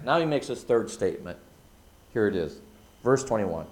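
A man preaching a sermon, using emphatic repetition and dropping from loud, stressed phrases to hushed asides. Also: lowish voice, big pitch swings, normal speed. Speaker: pastor.

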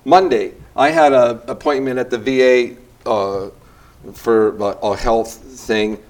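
A man's voice: medium pitch, slow pace, a little mellow. Older man, rambling church talk. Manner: rambling, with many restarts and self-deprecating asides. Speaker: church leader leading a small-group session. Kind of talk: casual teaching talk to a church group.

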